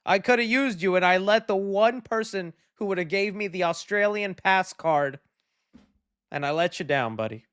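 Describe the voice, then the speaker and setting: Male livestream host with a high, bright-pitched voice; relaxed and chatty, dry close sound. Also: moderate pace, smooth, no echo. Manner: relaxed, friendly and chatty, trailing off often. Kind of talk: casual livestream chat, reading viewer donations.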